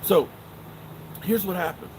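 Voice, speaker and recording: Joking sports host, noisy background. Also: male voice, high-pitched, unhurried. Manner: joking, animated, swears and trails off often. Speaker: sports show host answering live chat. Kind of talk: casual live-stream chat.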